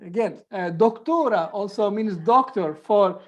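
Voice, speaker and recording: A woman's voice: medium pitch, lively intonation, unhurried, lo-fi sound. A woman teaching an online group English lesson, patiently repeating examples and explaining rules step by step.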